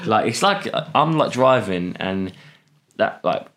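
A young man chatting casually on a podcast, telling an animated story with laughter and acted-out voices. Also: on the low side, slow. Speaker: podcast co-host. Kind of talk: casual chat.

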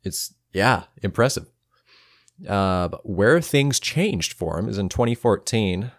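A man's voice: fairly low pitch, lively intonation, slow pace, no room sound. A man co-hosting a casual board game podcast, joking and rambling with a laugh often in his voice, recorded close and dry on a podcast mic. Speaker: podcast co-host. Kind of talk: casual chat.

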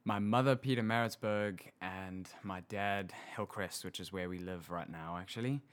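A young man from South Africa with a South African accent, casually explaining his home as a podcast guest, easygoing and quick to laugh. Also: sits low, a bit bright.

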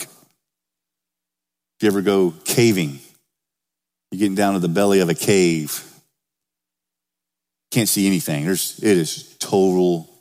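A man's voice: low voice, a little mellow, in a large hall. A man preaching a sermon as pastor, talking to the congregation in a conversational way and lifting his voice when he reads scripture. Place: church sanctuary.

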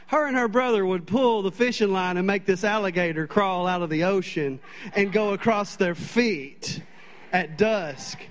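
High-voiced storytelling preacher man. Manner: animated, chatty storyteller with frequent fillers. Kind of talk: sermon with humorous storytelling. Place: church sanctuary.

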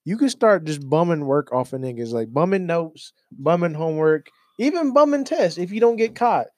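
A young man co-hosting a podcast, joking and interjecting loudly in casual chat. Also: on the high side, sing-song, normal speed, no room sound. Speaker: podcast co-host.

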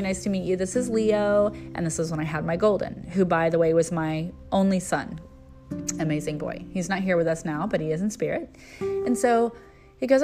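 A woman's voice: lowish voice, moderate pace, music in the background. A middle-aged woman hosting a spiritual message, telling a personal story and then preaching in an earnest, storytelling way. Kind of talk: inspirational spiritual talk.

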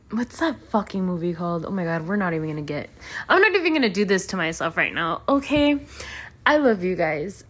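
A young adult woman hosting a casual solo podcast, telling a story in an animated, heavily swearing venting style. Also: fairly low pitch. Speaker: podcast host.

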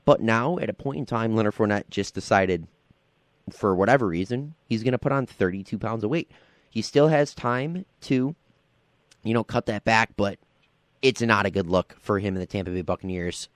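A man's voice: fairly low pitch, normal speed, dry recording. A man hosting a casual sports radio show from a college radio studio, rambling with lots of fillers in an affable way.

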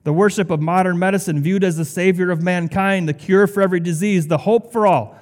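A man's voice: high-pitched, steady tone, fairly quick, big-room sound. A male pastor delivering a sermon in a conversational way, with sarcastic asides.

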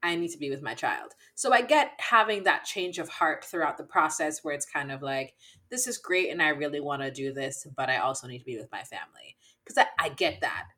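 A woman's voice: deep voice, a little fast, bright, forceful tone. A woman co-hosting a podcast, chatting casually and expressively, acting out what people said and swearing now and then. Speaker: podcast co-host. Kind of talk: casual chat.

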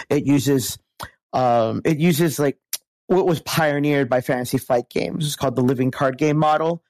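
Hoarse man, lost his voice. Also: mid-range voice, darkish tone, no room sound. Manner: rambling, many restarts and fillers. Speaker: podcast guest. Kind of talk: casual podcast chat.

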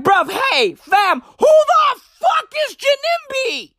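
Vlogger, slow-talking, cursing rant with shouted outbursts, dry close sound. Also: mid-range voice, no echo. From South Africa. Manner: sweary, slangy, bursts into shouted questions. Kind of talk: profane comedic rant.

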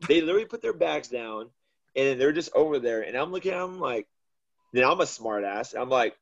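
A man's voice: mid-range voice, lively intonation, a little fast, vocal fry, lo-fi sound. A man, a youth coach, telling stories in casual chat with sarcastic asides.

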